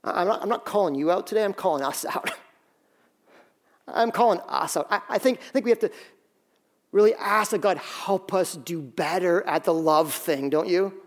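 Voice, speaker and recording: A pastor delivers a sermon in a casual, talky way, and his voice sits high for a man. He stumbles and restarts often, pokes fun at himself, and keeps turning to the congregation with questions. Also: moderate pace. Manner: conversational, self-deprecating storytelling with many restarts.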